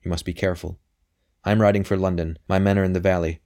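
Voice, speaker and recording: A man's voice: low-pitched, flat delivery, quick pace, darkish tone. A man voicing a distraught messenger who speaks urgently and agitated, in an audiobook reading. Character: distraught man, messenger bringing bad news.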